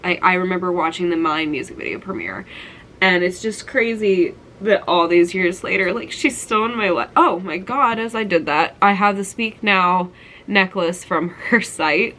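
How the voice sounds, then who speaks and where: This young vlogger, in her twenties, gushes nostalgically over her collection of keepsakes in a casual show-and-tell, using "like" constantly. Her fairly low voice has a slightly bright tone and a normal pace, and the audio is poor.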